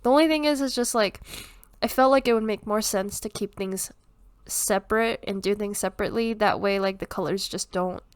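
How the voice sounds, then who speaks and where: A woman's voice: medium pitch, brisk, smooth, dry recording. A young woman with a congested voice casually talking through her drawing process, rambling with lots of fillers and little laughs. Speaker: art youtuber. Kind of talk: casual drawing tutorial commentary.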